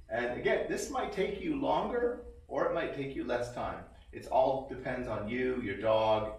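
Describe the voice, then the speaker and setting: A man teaching his dog commands, explaining calmly between short cues and breaking into high, excited praise. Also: recorded from a distance. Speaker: dog trainer. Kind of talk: casual training demonstration. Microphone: robotic tracking camera. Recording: echoey room, voice from away from the mic.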